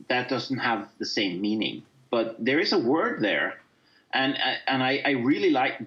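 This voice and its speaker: A man speaks as a guest in a casual discussion, groping for words with many fillers and restarts. His voice sits at a middling pitch, and the recording sounds dull and lo-fi. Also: fairly bright tone.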